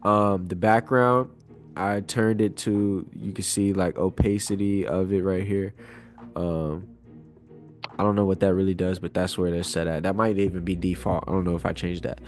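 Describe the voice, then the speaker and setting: A man hosting a casual screen-share tutorial, talking in a relaxed, rambling way with many fillers. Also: low-pitched, normal speed, soft background music. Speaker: trading tutorial host. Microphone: wireless clip-on mic.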